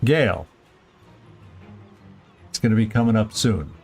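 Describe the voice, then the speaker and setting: A man's voice: fairly low pitch, lively intonation, unhurried, a little mellow, faint music behind. A man casually commenting on his gameplay during a live stream, thinking aloud with playful, goofy asides. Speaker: video game streamer.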